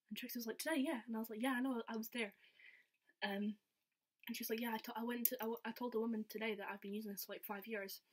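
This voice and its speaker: A young woman recounts a story for her vlog, chattering excitedly and peppering her talk with "like." Her voice sits a little high and has a soft, breathy edge. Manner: excited, chatty, with many "like" fillers. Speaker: vlogger. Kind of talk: casual storytelling.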